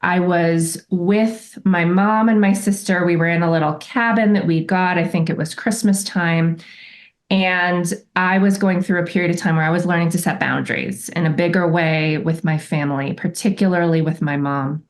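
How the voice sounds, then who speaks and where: A woman with a slightly low voice shares a personal story as a podcast guest. She sounds candid and reflective. She brings the past to life by voicing remembered remarks. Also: normal speed.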